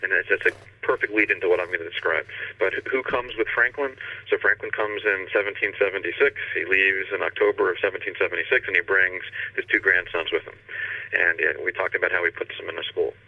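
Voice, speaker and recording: A low, gravelly male voice that races through an animated history story on a podcast. The sound is dry and a little dull, like lo-fi podcast audio. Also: quick pace, no echo, far from the mic. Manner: animated storyteller, acts out quotes. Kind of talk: casual storytelling chat.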